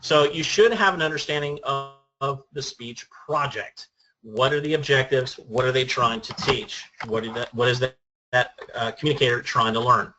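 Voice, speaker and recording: Guy running a training talk, bright forceful voice, kinda dull lo-fi sound, walks through points one by one. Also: medium pitch, moderate pace, slight background noise. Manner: earnest, methodical, lists points by number. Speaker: speech training presenter. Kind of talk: instructional talk.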